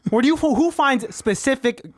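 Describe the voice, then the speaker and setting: A man with a high voice asks questions and reacts with disbelief in loose podcast chat. The recording is close and dry. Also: normal speed, no room sound. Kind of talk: casual chat.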